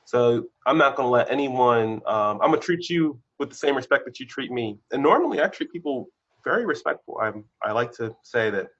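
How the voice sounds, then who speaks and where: A man, a guest on a podcast, telling candid stories about his career, his voice shooting up when excited and dropping low when reflective. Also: fairly quick, slightly rough, muffled recording. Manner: animated storyteller, bursts of excitement, then drops low. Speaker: podcast guest, senior engineer. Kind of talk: candid conversational interview.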